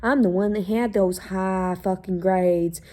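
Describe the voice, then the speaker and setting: Sarcastic, profane woman with a mellow voice. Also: mid-range voice, fairly even intonation, measured pace. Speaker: podcast host. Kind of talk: casual ranting monologue.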